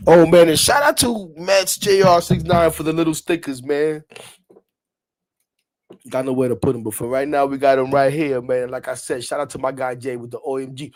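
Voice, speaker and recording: A fired-up man hosts a live sports stream, joking, laughing and cursing as he shouts out his friends. His voice sits a little high for a man. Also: a little slow. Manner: animated, laughing, shouting out friends, swearing freely. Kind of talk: excited casual live-stream chat.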